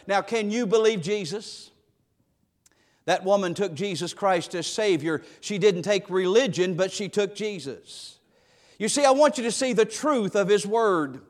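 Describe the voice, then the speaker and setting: A man's voice: sits high, normal speed. A man preaching a sermon as pastor, emphatic and repeating key phrases for weight. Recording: long hall reverb.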